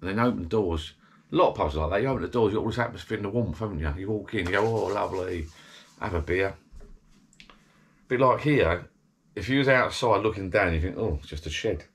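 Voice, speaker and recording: Deep-voiced tipsy man rambling. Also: animated, fast talker, fairly bright tone, slightly rough. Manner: rambling, chatty, self-interrupting. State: slightly tipsy. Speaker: vlogger. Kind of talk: casual rambling chat to camera. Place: small garden shed bar, indoors. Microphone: camera.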